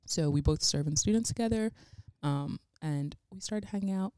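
A woman's voice: medium pitch, normal speed, mellow, dry recording, clean studio sound. A young woman guest-interviewing on a podcast, bubbly and giggly, chatting in long run-on stretches. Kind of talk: casual podcast chat.

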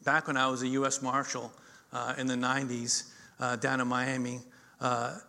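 A middle-aged male pastor preaching a sermon, telling stories with swings between loud emphasis and quiet intensity. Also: mid-range voice, flat delivery, moderate pace, gravelly.

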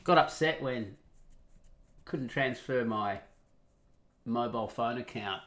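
A man's voice: medium pitch, takes it slowly, fairly bright tone. A man telling a personal story in a casual, rambling monologue, wry and full of swearing. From Australia.

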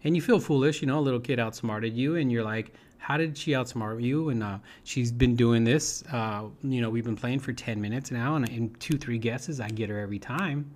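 A man's voice: medium pitch, moderate pace, few pauses, darkish tone. A man telling a personal story in a loose, rambling way, often repeating himself and adding "you know" and "right?". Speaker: speaker sharing a personal story. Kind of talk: informal storytelling talk.

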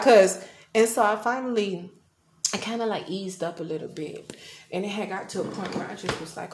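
A woman's voice: medium pitch, normal speed. A woman in her thirties hosting a personal faith podcast, earnest and confessional, sometimes dropping to a whisper. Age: 30s. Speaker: podcast host. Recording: echoey room with faint background noise.

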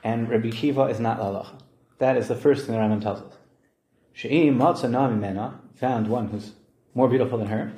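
A man giving a Talmud study lesson, explaining lively and acting out the quoted voices. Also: medium pitch, a little fast. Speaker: Talmud teacher. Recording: roomy echo.

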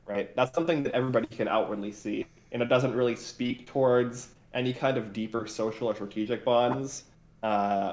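A man's voice: fairly low pitch, darkish tone. A man co-hosting a casual recap discussion, talking in a hesitant way with many filler sounds. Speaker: podcast co-host. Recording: roomy echoey room.

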